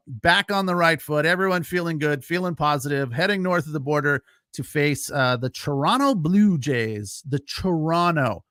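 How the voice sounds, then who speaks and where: A man's voice: a little high, bright, forceful tone, clear, resonant tone, dry recording, clean studio sound. A man hosting a solo postgame sports podcast, talking casually with lots of fillers and reacting to live chat. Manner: casual, chatty, frequent fillers, laughs easily.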